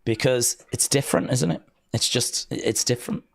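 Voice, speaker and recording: A man's voice: mid-range voice, moderate pace, creaky. An English man with an English accent, hosting a wrestling watch-along live stream and chatting casually in a rambling, joking way. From England.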